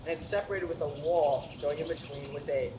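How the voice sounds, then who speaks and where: A young American man doing a stand-up comedy set, telling stories with animated, panicky acted-out moments. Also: on the high side, brisk, background noise. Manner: animated storytelling, acts out panic. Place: school auditorium with live audience.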